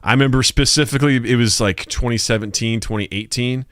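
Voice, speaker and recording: A man's voice: fast, clean tone, dry recording. A man co-hosting a casual podcast, his voice jumping way up whenever he acts out what someone said. He laughs often, and the sound is close and dry. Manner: animated storyteller, acts out quotes in a high voice. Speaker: podcast co-host. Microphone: podcast mic.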